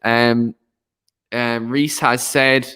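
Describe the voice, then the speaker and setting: A man's voice: medium pitch, fairly even intonation, drawn-out words, bright, forceful tone, clean tone. Man, show host, casual chat, reads viewer comments.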